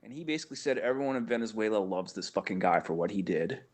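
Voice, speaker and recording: A man's voice: lowish voice, lively intonation, fast talker, a little mellow. A man calling in to a talk show, rambling through a travel story and swearing casually. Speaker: caller.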